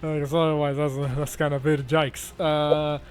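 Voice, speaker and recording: A man's voice: fairly high pitch, flat delivery, a crowd in the background. A man running a tabletop game as game master, narrating with frequent hesitations. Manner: halting, many "uh" fillers.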